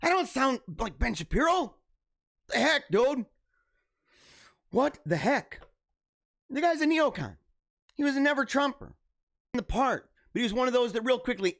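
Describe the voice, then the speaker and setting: A young man talks through odd news stories in a loose, joking commentary style. His pitch moves widely up and down as he gets excited. He laughs often and circles back over his own phrases. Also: moderate pace, vocal fry, pauses often. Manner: animated, laughs often, repeats himself. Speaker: commentary show host. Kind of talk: casual reaction commentary.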